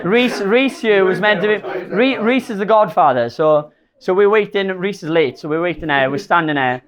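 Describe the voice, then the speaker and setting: A man's voice: sits high, expressive, moderate pace. A young man giving a best man speech at a wedding reception, rambling, emotional and laughing at himself.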